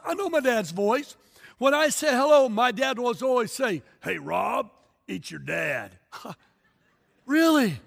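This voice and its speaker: A middle-aged man preaching in a church, his voice strikingly high for a man. He tells animated stories, acts out the characters and breaks into sudden shouts. Long reverb trails behind every phrase in the big sanctuary. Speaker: pastor. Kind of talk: lively sermon.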